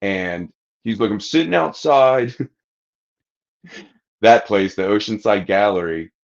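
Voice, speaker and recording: Speaking slowly in a lowish, creaky voice, a man hosting a podcast wanders through a crude story in casual chat, voicing each character's lines himself. The recording sounds dull and lo-fi.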